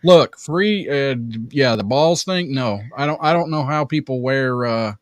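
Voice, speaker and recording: A man's voice: medium pitch, dry recording. Older man with fillers, dry sound. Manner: halting, lots of fillers and restarts. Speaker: co-host reading chat. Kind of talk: casual live-stream chat.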